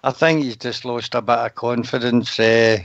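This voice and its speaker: A man co-hosting a fan radio show, relaxed and matter-of-fact. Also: medium pitch, normal speed, gravelly, no room sound. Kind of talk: casual radio chat. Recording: dry muffled stream audio.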